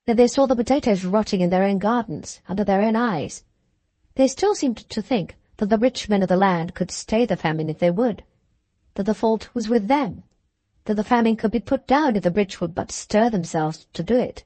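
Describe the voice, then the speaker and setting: A woman's middle-pitched voice delivers scripted audiobook narration of a classic novel, calm and even throughout. The recording is close and dry, with no room around it and no room sound.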